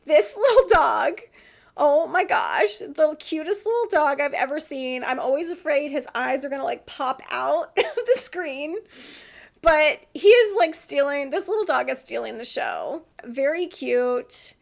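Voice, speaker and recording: Female vlogger, high voice, gravelly fry, chatty and giggly. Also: animated, measured pace. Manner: chatty, laughs often, acts out quotes. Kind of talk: casual chat about TV dramas.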